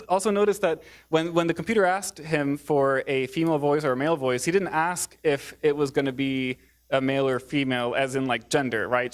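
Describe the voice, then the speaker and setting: Hesitant man giving a public talk. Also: fairly high pitch. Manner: hesitant, many fillers and restarts. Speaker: speaker. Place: theater.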